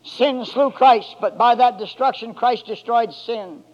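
A man preaching a sermon, moving from quiet low passages to loud, drawn-out, shouted climaxes with emphatic words that call for a response. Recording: dull lo-fi church recording.

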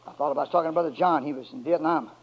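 A high-voiced man preaches a sermon, dropping low and quiet and then climbing to loud, stretched-out shouts. The recording sounds dull and lo-fi. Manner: drawn-out emphatic words in call and response.

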